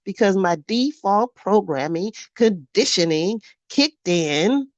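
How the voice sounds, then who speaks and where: A woman in her fifties reads her journal aloud, frank and unfiltered. She swears freely and laughs at herself, and her pitch swings widely as she talks. The sound is dry and a little dull, like a modest home mic. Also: lively intonation, slow pace, no room sound. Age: 50s. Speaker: vlogger. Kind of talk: candid reading of her own journal.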